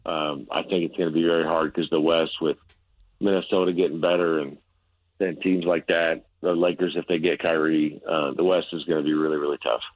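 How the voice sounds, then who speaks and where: A man appearing as a sports reporter guest on a radio show, talking in a relaxed, rambling way and laughing easily, sounding tired. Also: extremely low pitch, fairly quick, dry recording, dull audio. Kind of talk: casual radio interview.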